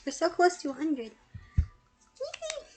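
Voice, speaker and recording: A woman's voice: high-pitched, moderate pace, a bit bright, faint music behind. A young woman streamer chatting casually and bubbly while playing a game, with lots of filler words. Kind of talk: casual gameplay commentary.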